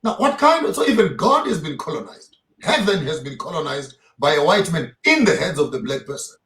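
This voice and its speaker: A man's voice: fairly high pitch, very animated, a little fast, fairly bright tone, reverberant. A man being interviewed as a theologian, lecturing emphatically and firing off rhetorical questions. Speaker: theologian guest. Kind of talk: impassioned interview talk.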